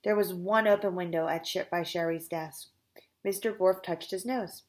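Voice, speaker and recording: A woman's voice: lowish voice, fairly even intonation, normal speed. Woman teacher reading a chapter book to her class, casual and chatty. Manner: casual, chatty asides to students. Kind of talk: reading a children's book aloud.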